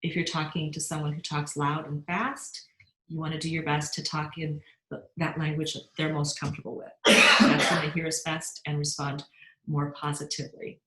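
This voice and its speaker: A woman's voice: low voice, flat delivery, normal speed, fairly bright tone, slight background noise. A middle-aged woman giving an upbeat motivational sales training talk and often asking her listeners questions. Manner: upbeat, asks the audience questions. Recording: roomy echo.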